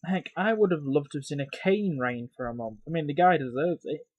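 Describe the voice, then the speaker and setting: A man's voice: a little fast, no room sound, muffled recording. A man delivering a profane, exasperated rant as a video review, sighing often between complaints. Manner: loud and emphatic at first, then grumbling and lower. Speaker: wrestling reviewer.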